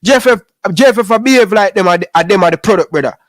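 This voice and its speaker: A man's voice: sits high, very fast, dry recording. A man with a Jamaican accent in heated casual sports talk on a podcast, calling his co-host "brother" over and over. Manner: animated, repeats "brother" often.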